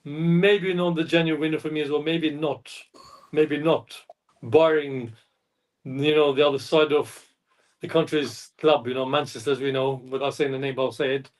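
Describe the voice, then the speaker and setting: Man, slightly high voice, a fan panelist who rambles and keeps apologising; picked up from a distance. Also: steady tone, moderate pace. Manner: rambling, apologetic, self-correcting. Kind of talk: casual chat. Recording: distant mic.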